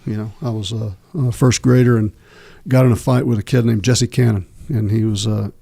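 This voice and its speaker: A middle-aged man from Texas, a podcast guest telling stories from his life in a halting way, with many pauses and restarts. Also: on the low side, fairly even intonation, gravelly, mellow. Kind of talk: candid interview storytelling.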